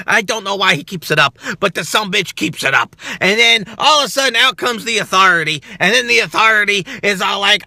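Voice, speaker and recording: Rowdy man ranting with wild pitch swings. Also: sing-song, fast, creaky, hardly any pauses, dry recording. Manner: loud, profane, mocking, with swings of pitch and volume. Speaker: wrestling review host. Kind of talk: ranting reaction commentary.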